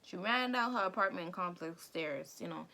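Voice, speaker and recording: A woman vlogger casually retelling an anime film, chatty and slangy with quick asides to her viewers. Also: lowish voice, lively intonation, bright, forceful tone, slight background noise. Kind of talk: casual movie recap commentary.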